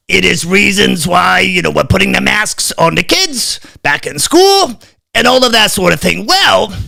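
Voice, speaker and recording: Man doing a high, bright-voiced parody of an older health official, mock-earnest. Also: vocal fry, full character voice. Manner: mock-earnest lecturing, sing-song, sarcastic. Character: sarcastic older male public health official. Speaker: host doing an impression.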